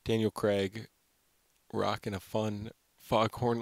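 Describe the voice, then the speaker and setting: A man's voice: on the low side, a little slow, vocal fry, a bit bright, no echo. A young man hosting his own film channel, giving an unscripted, rambling review full of "like" and fillers. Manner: rambling, heavy use of "like" and fillers.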